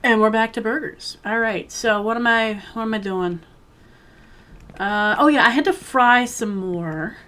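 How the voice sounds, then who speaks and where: Playing a video game on camera, this woman chatters loosely to herself and to the characters, bursting out with jokey, mock-bossy remarks. She creates gaming videos, and her voice is on the high side and sharp in tone, at a measured pace.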